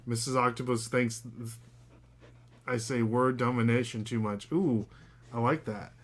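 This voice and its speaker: A man's voice: mid-range voice, steady tone, a little slow. Chatty man hosting a casual podcast. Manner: loose and chatty, many fillers, talks to his dog. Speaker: podcast host. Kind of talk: casual live podcast chat.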